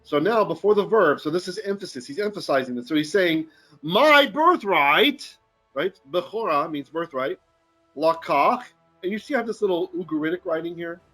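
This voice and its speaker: A man teaching a live scripture lesson in a fairly high voice, animated and joking with his audience. He keeps checking in with his listeners as he explains, and faint music sits under his talk. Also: brisk. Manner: animated, jokey teaching with frequent "right?" asides. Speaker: rabbi teaching Torah. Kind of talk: live-streamed Bible lesson. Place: Philippines.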